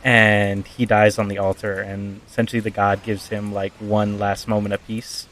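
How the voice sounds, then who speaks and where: A man's voice: on the low side, little pitch movement, normal speed, fairly bright tone. A man casually retelling a tabletop backstory as a streamer, rambling with lots of fillers.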